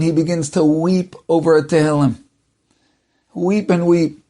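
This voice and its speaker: Gravelly high-voiced male storyteller. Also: mellow. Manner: dramatic, varied storytelling. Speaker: rabbi. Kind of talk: storytelling talk.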